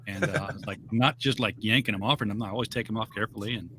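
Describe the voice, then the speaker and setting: A man's voice: fairly low pitch, racing, pushed and bright. Man, from Southern Illinois, stammering restarts, casual chat, faint background noise. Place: home.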